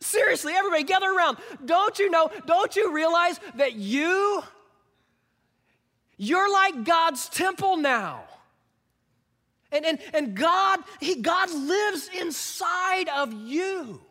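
Man doing a sarcastic apostle voice, very high and sharp, nagging the crowd, long hall reverb. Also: very animated, drawn-out words, long pauses, breathy edge, heavily acted. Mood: sarcastic urging. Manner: needling, insistent, stammering repeats.

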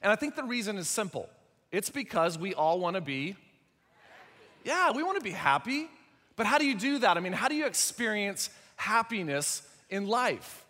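Middle-aged male pastor, casual joking sermon delivery, bright slightly high voice, echoing hall. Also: big pitch swings, moderate pace. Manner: conversational, joking, rhetorical questions to the congregation. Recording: long hall reverb.

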